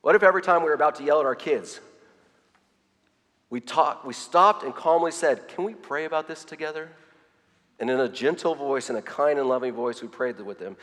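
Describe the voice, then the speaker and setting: A man's voice: mid-range voice, a little fast, a bit bright. A middle-aged man preaching a sermon, earnest, often repeating his words as he reads quotes aloud. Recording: long hall reverb.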